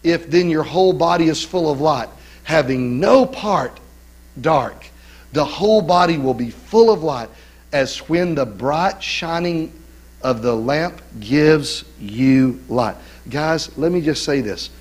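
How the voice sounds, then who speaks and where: Animated middle-aged male pastor preaching. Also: a little high, takes it slowly, rough recording. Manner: animated preaching with call-and-response asides. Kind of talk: sermon. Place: church sanctuary.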